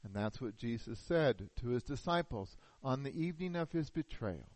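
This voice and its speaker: A man's voice: mid-range voice, expressive, normal speed, darkish tone, no echo, poor audio. Earnest man preaching a sermon. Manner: earnest storytelling preacher with rhetorical questions. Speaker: pastor.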